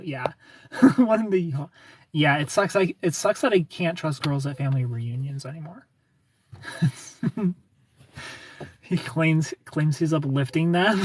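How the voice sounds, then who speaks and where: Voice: mid-range voice, slow pace, a little hiss or hum. A young adult livestreamer chatting casually with viewers, sarcastic and laughing often as they answer comments by name. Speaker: livestreamer reading chat.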